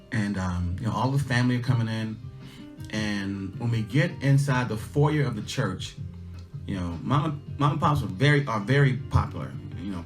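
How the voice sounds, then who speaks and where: A slightly mellow, mid-range male voice belongs to a middle-aged man hosting a livestream. He recounts a casual personal story with folksy emphasis, driving his life lessons home by saying them again and again. Faint guitar plays underneath.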